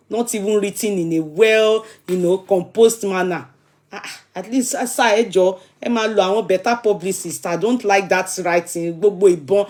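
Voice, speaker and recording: A woman's voice: medium pitch, a little mellow. A Nigerian woman hosting a casual live stream, talking emphatically and repeating herself, often in a pleading tone.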